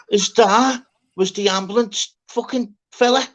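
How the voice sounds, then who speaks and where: A man's voice: high-pitched, a little slow. Rambling man telling a wild story. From Scotland. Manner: rambling, repeats "lad" and "get on this". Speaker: storyteller on a chat panel. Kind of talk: casual chat, swearing anecdote.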